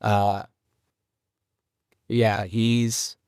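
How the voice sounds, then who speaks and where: A man hosting a solo podcast, talking haltingly and rambling as he grieves a close friend. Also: lowish voice, flat delivery, a little mellow, clear, resonant tone, dry recording. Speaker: podcast host.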